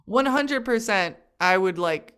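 A playful young woman co-hosting a casual podcast chat. She talks at an ordinary middle pitch, laughs often and acts out little quoted voices as she tells stories. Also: animated, unhurried, a bit bright, smooth. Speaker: podcast co-host.

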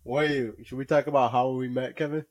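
A man's voice: medium pitch, steady tone, fairly quick. A young man co-hosting a podcast, laughing readily and pulling the chat back to the guest's questions. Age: young adult. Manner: steers the interview, laughs readily. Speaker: podcast co-host. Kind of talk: casual podcast interview.

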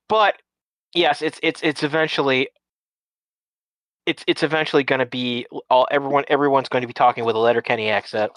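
A man's voice: mid-range voice, steady tone, fairly quick, a bit bright, no room sound, rough recording. A man in casual chat who rambles, restarting and repeating words often.

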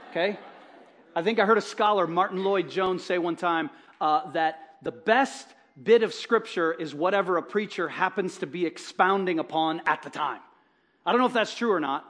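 A male pastor delivers a lively sermon in a notably high voice. He talks with energy and emphasis, punching some words loudly and dropping others to a near hush. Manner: energetic, emphatic, swings between loud bursts and soft asides.

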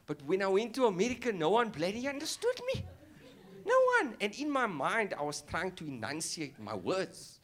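A South African man doing stand-up, his voice set high and swooping all over the place. He tells his story in a playful, teasing way and keeps throwing in mocking asides. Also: wildly swooping pitch, moderate pace, fairly bright tone. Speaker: stand-up comedian.

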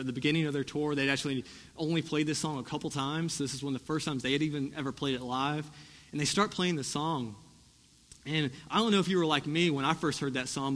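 A young man preaching a sermon in a conversational, animated way, often restarting his sentences. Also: fairly high pitch. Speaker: pastor. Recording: echoey hall.

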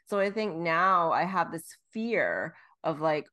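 Woman podcast co-host, lower register, candid and self-mocking, casual swearing. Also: sing-song, slow, sharp tone. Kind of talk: casual chat.

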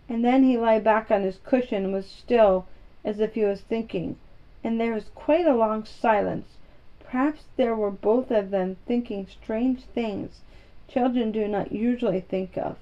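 A woman narrating a children's storybook aloud in a calm, steady manner. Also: medium pitch, normal speed, highs cut off.

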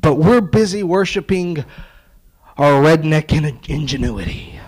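A man's voice: a little high, lively intonation, a little slow, a little mellow, slightly rough, poor audio. A man preaching a sermon, retelling a story with acted-out dialogue and sarcastic asides.

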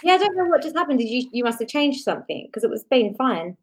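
A woman guesting on a casual movie review chat over an online call, chatty and quick to agree. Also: high-pitched, very animated, slight background noise. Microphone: own mic on an online call.

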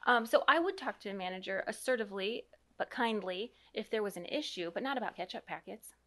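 Woman, 30s-40s, mom co-host, rambling casual podcast talk, mid pitch. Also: expressive, a little fast. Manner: chatty and rambling, reads aloud from an article.

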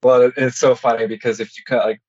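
A man chatting casually in a relaxed, amused way. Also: medium pitch, fast, no echo, muffled recording. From Canada. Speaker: guest, son of the other guest. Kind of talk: casual chat.

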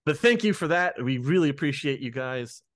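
A man's voice: a little high, lively intonation, fairly quick, fairly bright tone, no echo, clean studio sound. A man hosting a podcast in an easygoing way, chatting and plugging the show, laughing often. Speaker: podcast host. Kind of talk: casual chat and show promo.

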